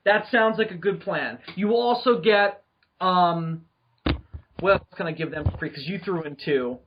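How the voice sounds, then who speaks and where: A man hosting a podcast in casual chat, joking, swearing freely and getting excited. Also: sits high, normal speed, highs cut off, a little hiss or hum. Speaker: podcast host.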